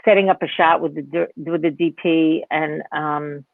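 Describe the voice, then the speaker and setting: A woman's voice: low voice, fairly even intonation, moderate pace, creaky, no room sound. A woman comedian telling stories in a casual, rambling way over a video call. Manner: rambling, with restarts and reflective asides. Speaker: guest comedian. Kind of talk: casual storytelling chat. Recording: tinny phone-like line, dry.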